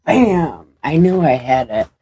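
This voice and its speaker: A woman's voice: low voice, very animated, slow, warm tone, husky, no echo. A woman with a runny nose casually reading scripture aloud on a stream, joking and swearing as she goes. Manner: jokey, irreverent, swears casually. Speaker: online Bible reader.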